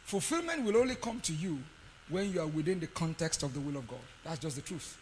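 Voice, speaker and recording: A man preaching a sermon, telling a story with sudden shouts and quiet asides. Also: a little high, animated, brisk, big-room sound, a little hiss or hum, rough recording. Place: conference hall.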